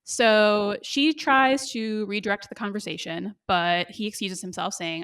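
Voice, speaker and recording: A woman co-hosting a podcast, recapping a TV episode in casual chat, with fillers and quick laughs. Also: mid-range voice, fairly even intonation, fairly bright tone, clear, resonant tone.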